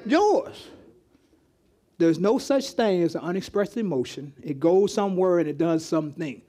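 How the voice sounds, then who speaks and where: High-voiced pastor talking with his church. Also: lively intonation, a little fast, warm tone. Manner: conversational, calls on the congregation, repeats words. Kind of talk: interactive sermon teaching. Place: church hall with congregation.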